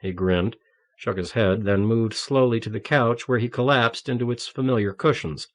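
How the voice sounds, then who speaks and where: A medium-pitched male voice delivers scripted audiobook narration. He reads the novel aloud in a measured, level way, like a practiced storyteller.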